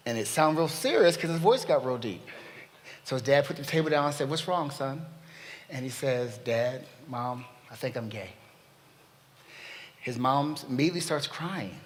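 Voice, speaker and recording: A man speaking at a panel, telling a story in an animated way and acting out the dialogue. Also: mid-range voice. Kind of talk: storytelling talk. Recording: long reverb of a hall.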